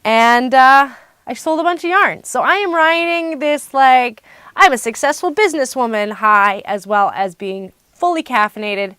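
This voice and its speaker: A woman hosting a craft podcast in casual chat, bubbly and excitable. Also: sits high, normal speed, clear, resonant tone, dry recording. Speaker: podcast host.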